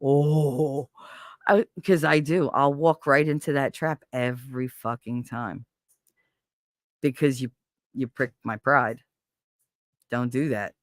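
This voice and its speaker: Talking slowly in a mid-range voice and pausing often, a livestream host chats casually with his live audience, bluntly and animatedly, with lots of profanity. The studio-quality audio carries no room sound.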